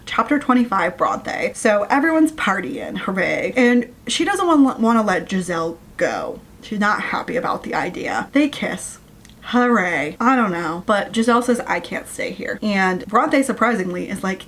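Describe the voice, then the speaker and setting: A woman's voice: mid-range voice, expressive, moderate pace. A woman hosting her channel, giving a casual, sarcastic rant review of a novel and sounding exasperated at the plot. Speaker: book reviewer.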